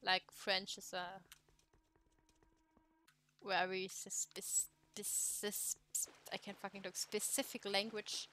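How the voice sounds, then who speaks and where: German-accented woman streamer, unhurried, bright voice, casual and swearing, self-deprecating chat. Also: medium pitch, little pitch movement, slight background noise. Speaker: let's play streamer.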